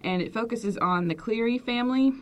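A woman's voice: on the high side, fairly quick. A woman co-hosting a podcast, chatting casually about a book she recommends and laughing easily. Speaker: podcast co-host.

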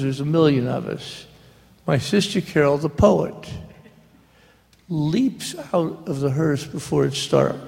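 A man's voice: fairly high pitch, creaky, darkish tone. A man telling funny stories as an author before a live audience, recorded in a hall. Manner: humorous anecdotal storyteller. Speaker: author speaking on a book tour. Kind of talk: live storytelling talk. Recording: long hall reverb.

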